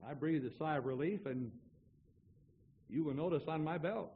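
A man's voice: a little high, moderate pace, narrow, tinny audio, a little hiss or hum. A man preaching as an evangelist to a congregation, telling wry, folksy stories and jokes in a humorous sermon. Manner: storytelling, wry and joking. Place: church before a congregation.

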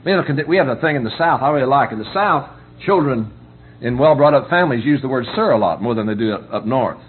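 Middle-aged male preacher, folksy conversational sermon delivery, mid-pitched voice, lo-fi phone-line recording. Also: lively intonation, fast. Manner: folksy, keeps asking "you understand?". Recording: tinny phone-like recording with faint hum.

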